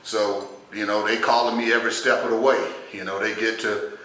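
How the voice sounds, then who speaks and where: A man's voice: on the low side, level tone, fairly quick, bright, forceful tone. A man telling a comic personal story in a loose, conversational way, peppered with "you know.". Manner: loose, conversational, heavy on 'you know'. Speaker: stand-up comedian. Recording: echoey room, distant mic, faint noise.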